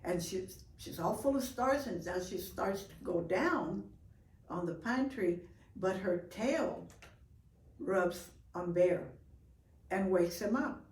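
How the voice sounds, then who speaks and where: An older woman telling a folk story in a lively, expressive way, with gasps for effect. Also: mid-range voice, slow pace. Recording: roomy, from far off.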